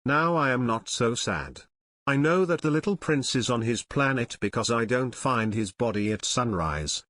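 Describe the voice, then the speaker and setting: A man's voice: medium pitch, expressive, normal speed, fairly bright tone, dry recording. A man reading a storybook aloud in simple English, with short, plain sentences. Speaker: audiobook narrator.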